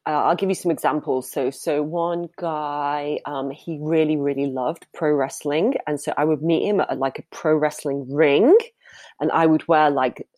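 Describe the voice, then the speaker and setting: A woman's voice: sits low, moderate pace, a little mellow, no room sound. A woman, a professional dominatrix, answering interview questions in a candid, chatty way and laughing easily.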